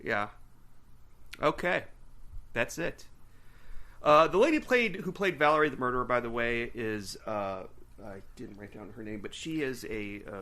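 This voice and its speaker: A man co-hosting a podcast in casual chat, rambling and animated, often slipping into silly put-on voices. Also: mid-range voice, moderate pace. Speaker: podcast co-host.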